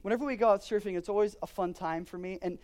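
A man in his thirties, a pastor preaching a sermon, swinging between loud emphatic declarations and quiet earnest asides. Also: high-pitched, fast talker.

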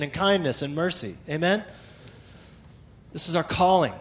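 A middle-aged male pastor preaching a sermon in a conversational, animated way, with emphatic repetition. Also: on the high side, normal speed, long pauses.

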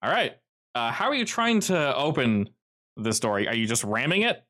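A man's voice: mid-range voice, very animated, normal speed, sharp tone. A man running a tabletop game as game master, narrating in a rambling, easygoing way full of fillers.

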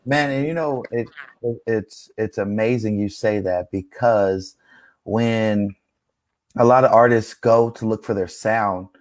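A man hosting a casual faith conversation, encouraging, his voice rising like a preacher's when he makes a point. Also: measured pace. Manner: encouraging, preacher-like rises in pitch. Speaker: host.

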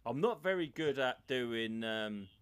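A man's voice: medium pitch, expressive, measured pace, clean tone. A British man co-hosting a podcast in casual chat, playful and jokey, laughing often and slipping into silly voices. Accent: British English. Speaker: podcast co-host.

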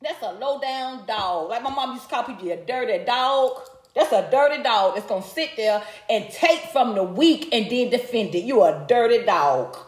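Heated woman on a live stream, high-ish voice, cussing, echoey room. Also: expressive, normal speed, few pauses. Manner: heated, profane, talks straight to her viewers. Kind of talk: casual live-stream commentary.

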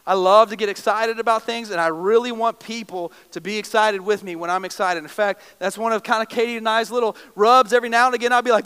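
Guy preaching a sermon, really high voice, emotive and jokey, big hall echo. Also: a little fast, pushed and bright, clean tone. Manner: emotive, storytelling with self-deprecating humor. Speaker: pastor. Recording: long reverb of a large hall.

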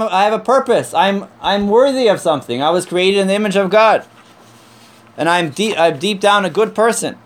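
A man teaching a conversational Torah class from sources, earnest and emphatic, repeating his points and telling a joke to make them. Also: high voice.

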